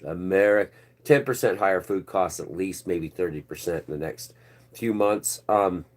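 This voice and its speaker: A man's voice: low-pitched, moderate pace. A man hosting his own online news channel, ranting casually and sarcastically, rambling and swearing freely.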